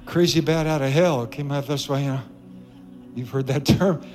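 A man's voice: a little high, steady tone, normal speed, a little mellow, faint music behind. A man preaching a sermon to a church congregation, emphatic and joking, repeating key phrases for weight. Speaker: pastor.

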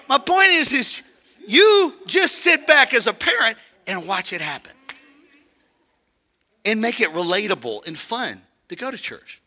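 An older man preaching a sermon, telling a family story with call-and-response and shouts at the high points. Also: very animated, unhurried, long reverb tail. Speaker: pastor. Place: church sanctuary.

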